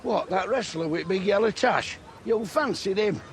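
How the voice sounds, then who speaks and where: A man playing a blunt, high-voiced Sheffield dad. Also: moderate pace, close to an everyday voice. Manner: blunt, swears freely. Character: blunt loud-mouthed middle-aged dad, crude. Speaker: father. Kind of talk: sitcom acting.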